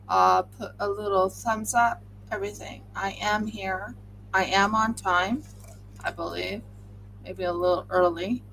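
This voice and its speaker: A woman's voice: mid-range voice, steady tone, unhurried, fairly bright tone, slight background noise, low-quality recording. A woman chatting casually on a livestream, talking through each step of her craft work as she goes. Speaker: crafter livestreaming a resin pour.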